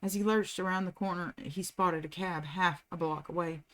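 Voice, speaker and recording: A woman reading a novel aloud at a steady, unhurried pace, as the host of a reading channel. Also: on the low side.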